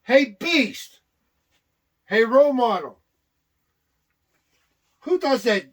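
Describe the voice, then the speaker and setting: A boisterous older man bantering on a wrestling talk show. His voice sits high and swings widely in pitch. He teases and shouts to needle the others. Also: animated, very slow. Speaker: wrestling manager and co-host.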